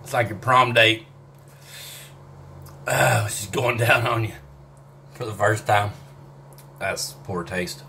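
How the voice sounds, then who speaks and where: A man's voice: lowish voice, fairly even intonation, slow pace, vocal fry, pauses often, pushed and bright, slight background noise. Man groaning through hot sauce. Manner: drawling, swearing, groaning between bites. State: mouth burning, sweating. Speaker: vlogger eating hot sauce. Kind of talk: casual self-filmed vlog.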